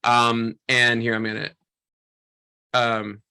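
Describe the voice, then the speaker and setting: A man teaching a photography workshop, telling a story in an animated, chatty way full of "like" and "um". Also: mid-range voice, slow pace, creaky, clean tone. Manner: animated, chatty, heavy use of "like" and "um". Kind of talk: storytelling lesson to a class.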